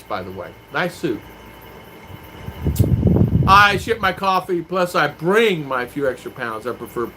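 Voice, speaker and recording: A man in a casual live-stream chat, rambling as he reads out viewer comments and answers them. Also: mid-range voice. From United States. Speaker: vlogger. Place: home in the Philippines. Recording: clear clicking noise behind voice.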